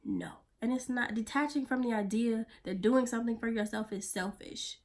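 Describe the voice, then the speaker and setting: A woman vlogging in a blunt, profane pep-talk manner, sometimes dropping her voice to a soft near-whisper. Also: a little high, moderate pace. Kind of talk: casual motivational vlog talk.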